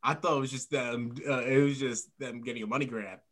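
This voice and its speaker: A man's voice: mid-range voice, steady tone, a little fast, crowd noise. A man co-hosting a wrestling podcast in casual chat, breaking into laughter often and restarting his sentences. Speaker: podcast co-host.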